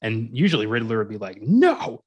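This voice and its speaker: A man's voice: mid-range voice, a bit bright. Casual laughing man chatting about a movie. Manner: laughing often, acts out quotes in quick bits. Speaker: podcast co-host.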